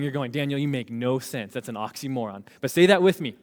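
A man preaching a sermon, leading the congregation in call-and-response and slowing down to stress key phrases. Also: mid-range voice, lively intonation. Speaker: pastor. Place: church sanctuary. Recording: reverberant hall.

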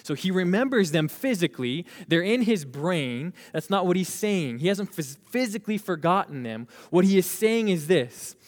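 A man preaching a sermon, leading the congregation in call-and-response and slowing down to stress key phrases. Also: high voice, very animated. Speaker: pastor. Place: church sanctuary. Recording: reverberant hall.

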